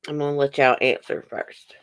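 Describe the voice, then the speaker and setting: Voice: medium pitch, little pitch movement, normal speed, fairly bright tone, smooth, no room sound. Chatty livestream host with a dry close sound. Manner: chatty, reads questions aloud and answers viewers in chat; talks while chewing a brownie. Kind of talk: casual livestream trivia chat.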